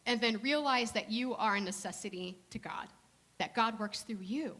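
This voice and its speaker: A woman with a fairly high voice delivers a sermon like a relaxed chat with her congregation. She tells personal stories in an easy, conversational way and slows down, going soft and deliberate, whenever she lands a point. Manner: conversational storytelling with slow soft emphasis. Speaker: minister.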